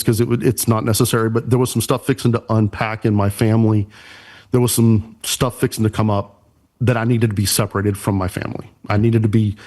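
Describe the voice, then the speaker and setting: A man's voice: mid-range voice, a little mellow. A man, a church production pastor and podcast guest, earnestly telling an emotional personal story.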